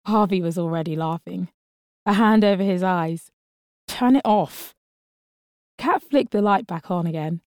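A woman narrating a story in a calm, steady reading voice. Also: on the low side, no echo, studio quality.

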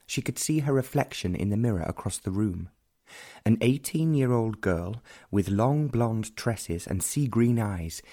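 A man reading a period novel aloud as an audiobook narrator, in measured, deliberate storytelling. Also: fairly low pitch, dark tone. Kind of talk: scripted narration.

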